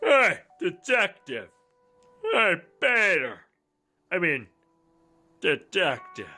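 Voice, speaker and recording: Slow-talking guy reading game lines, bright voice, lots of ups and downs. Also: a little high, big pitch swings, soft background music. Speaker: let's play co-host. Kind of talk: reading game dialogue aloud.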